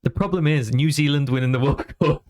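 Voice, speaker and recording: Chatty man telling animated stories. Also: on the high side, brisk, no room sound, studio quality. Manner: animated storyteller who slips into voices. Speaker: podcast guest. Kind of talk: casual chat.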